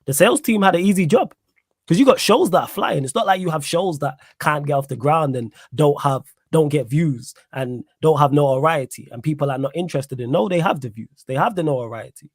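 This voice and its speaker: A man's voice: fairly high pitch, expressive, brisk, breathy edge, no echo, studio quality. A man hosting a podcast and backing up his guest in emphatic, casual chat. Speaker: podcast host.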